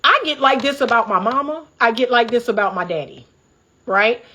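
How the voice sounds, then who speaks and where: A woman's voice: fairly high pitch, expressive, normal speed, bright, forceful tone, slightly rough. A middle-aged woman from the Washington D.C. area, hosting a livestream, talking in a fired-up, preachy and candid way. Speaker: relationship coach and host. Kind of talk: livestream commentary monologue.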